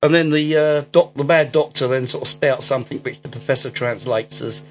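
Man, podcast host, rambling, chuckling, filler words, mid pitch, dull lo-fi sound, faint music. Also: a little fast, few pauses. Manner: rambling, laughing, full of ums and restarts. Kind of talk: casual movie-recap chat.

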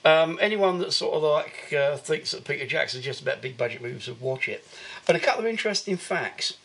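A man's voice: fairly high pitch, expressive, brisk, a bit bright, slightly rough. A man co-hosting a podcast, giving a rambling, filler-heavy recap of a film in casual chat. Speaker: podcast co-host.

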